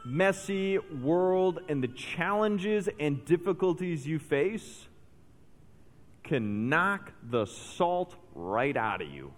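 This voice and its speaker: A man preaching to his congregation in a fairly high voice. His sermon swings between animated storytelling and hushed, weighty emphasis. The long reverb of a large church hall trails after each phrase. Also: takes it slowly. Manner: animated storytelling, dropping to soft intense emphasis. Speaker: pastor.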